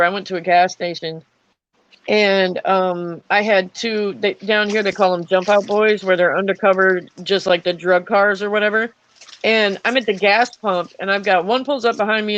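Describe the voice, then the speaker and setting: A woman's voice: mid-range voice, fairly bright tone, no room sound, lo-fi sound. A young adult woman who is an army veteran, telling stories in a casual chat with lots of fillers and restarts. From Florida. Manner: rambling storytelling with many fillers.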